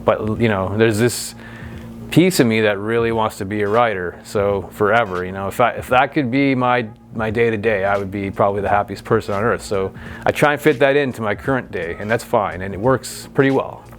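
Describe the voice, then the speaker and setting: A man's voice: lowish voice, brisk, soft background music. A man in his forties, an author who talks thoughtfully about his writing and then reads from his own novel. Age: 40s. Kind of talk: author talk and book reading.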